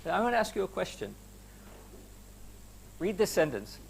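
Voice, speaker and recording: High-pitched, creaky and very animated, a male university lecturer speaks at a moderate pace to students in a lecture hall, pausing often over a slight hiss or hum. His academic lecture is emphatic and conversational, with rhetorical questions and some fillers.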